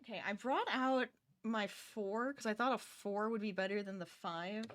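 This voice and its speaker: A woman's voice: mid-range voice, moderate pace, no echo. A tired woman chatting casually with her viewers during a live crochet stream from her home office, laughing often and reading chat aloud.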